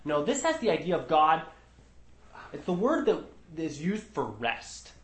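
A man's voice: a little high, huge pitch swings, a little slow. A man teaching a Bible study group, earnest and emphatic, often restarting his sentences. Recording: roomy echo.

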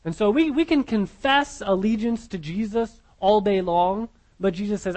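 A man's voice: sits high, normal speed, a little mellow, rough recording. A man preaching a sermon, earnest, repeating his words and putting questions to his listeners.

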